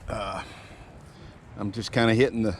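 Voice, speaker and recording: A man vlogging his metal detecting dig in a town yard, talking casually to the camera and getting excited over his finds. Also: lowish voice, normal speed, slight background noise. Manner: excitable, exclaims and repeats himself. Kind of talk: casual vlog narration while digging outdoors. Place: outdoors in a town yard, rainy day.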